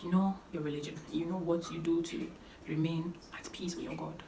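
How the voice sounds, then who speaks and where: A young woman gives earnest, emphatic advice to her viewers, repeating her key points. Her voice sits a little low. The room is roomy and echoey, with a faint hum of noise behind her. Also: fairly even intonation, moderate pace, creaky. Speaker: vlogger giving life advice. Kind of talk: casual talking-to-camera advice.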